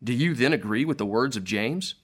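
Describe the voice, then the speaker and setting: A stern male court official poses formal, probing questions to a prisoner, as a man reads him out in his own voice. The pitch sits in the middle range for a man. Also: expressive, brisk, lightly acted. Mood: interrogating.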